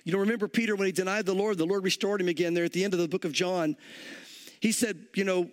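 High-voiced man preaching a sermon. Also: fairly even intonation, fast. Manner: conversational storytelling with frequent "you know". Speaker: pastor. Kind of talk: verse-by-verse sermon.

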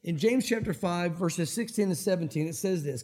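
A man preaching a sermon as a pastor, animated and acting out Bible scenes. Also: high-pitched, moderate pace, hardly any pauses. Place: church sanctuary.

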